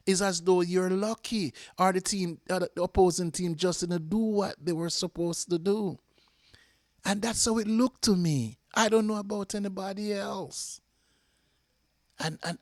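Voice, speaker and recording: A Jamaican man hosting a fan channel, giving an impassioned match reaction that repeats itself and flares up before calming. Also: high voice, dry recording, clean studio sound. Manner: impassioned, repeats himself, flares up then calms.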